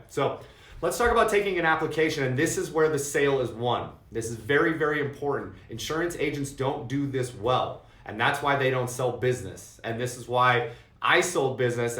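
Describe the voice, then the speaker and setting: A man's voice: medium pitch, fairly bright tone. A man coaching insurance agents in an emphatic way, repeating his key points and calling his listeners "guys". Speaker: insurance sales trainer. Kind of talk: coaching talk to sales agents. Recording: echoey room.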